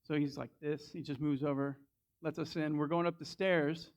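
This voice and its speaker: A Southern man preaching in a loose, conversational way, doubling back on his words as he speaks. His voice sits a touch high for a man. The recording is dull and muffled. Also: steady tone, moderate pace. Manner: conversational, with frequent restarts and repeated words. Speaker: lay preacher. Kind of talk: sermon with a personal story.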